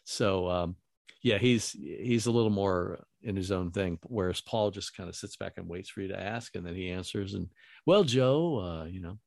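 A man's voice: deep voice, steady tone, moderate pace, gravelly, a little mellow, no echo, studio quality. A middle-aged man, a radio host, telling rambling anecdotes full of quoted dialogue in a casual way. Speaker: radio host and voiceover talent. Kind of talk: casual storytelling.

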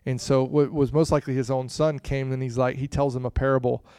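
A man preaching a conversational sermon to a congregation, swinging between hushed and loud passages, with frequent "you know" asides. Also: mid-range voice, flat delivery, a little fast, clean tone, dry recording, studio quality. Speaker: pastor.

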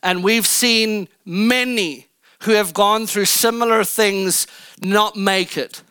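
A pastor delivering a fervent sermon, his voice high and strikingly bright. His delivery is smooth and clear and sounds close and dry, with emphatic repetition driving each point home. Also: takes it slowly, no echo. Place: church stage.

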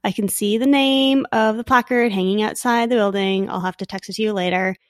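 A woman's voice: mid-range voice, fairly even intonation, a little fast, no room sound. A woman in a mid-range voice chats as a podcast guest. She is playful and laughs easily. Her voice sounds close and dry. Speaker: veterinarian guest. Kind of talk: casual chat.

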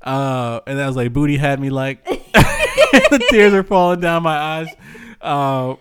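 A man co-hosting a laid-back podcast, telling stories in a slangy, animated way and laughing often. His pitch swings widely, and his voice sounds smooth and clear. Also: measured pace. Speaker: podcast co-host. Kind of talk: casual chat.

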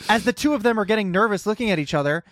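A man's voice: sits high, expressive, rapid-fire, a little hiss or hum. A man co-hosting a podcast, recapping a TV episode in casual chat with wry jokes and casual swearing. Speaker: podcast co-host.

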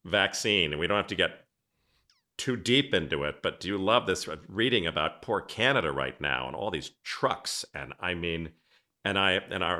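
A man's voice: sits low, sharp tone. A man hosting a podcast interview, telling rambling stories in a casual, chatty way. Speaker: podcast host.

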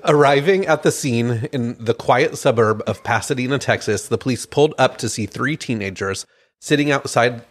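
A man's voice: mid-range voice, normal speed. A man co-hosting a true crime podcast, reading out a case story with casual asides and stumbling over names. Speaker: podcast co-host.

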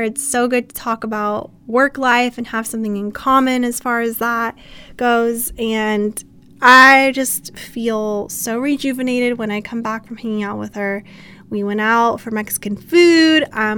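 A young woman hosts a casual podcast in a bright, forceful voice that sits a touch high. She is chatty and bubbly, laughing easily between thoughts. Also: a little hiss or hum. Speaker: podcast host.

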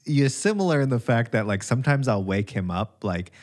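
A man casually chatting as a podcast co-host, relaxed and telling stories with lots of filler words. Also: medium pitch, a little fast. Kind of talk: casual chat.

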